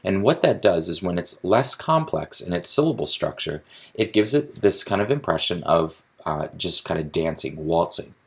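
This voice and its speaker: Teaching poetry in a recorded lesson, a man walks through the material step by step, with frequent restarts and filler words. His low, breathy voice swings widely in pitch at a normal speed.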